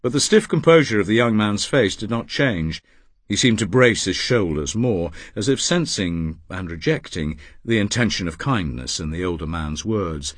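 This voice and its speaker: Husky low-voiced man narrating an audiobook. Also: normal speed, no echo. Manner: expressive, dramatic.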